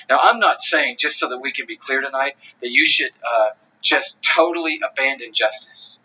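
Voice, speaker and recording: A man's voice: mid-range voice, normal speed, bright, forceful tone, breathy edge, highs cut off. A man preaching a sermon, emphatic and driving, repeating phrases for stress. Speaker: pastor.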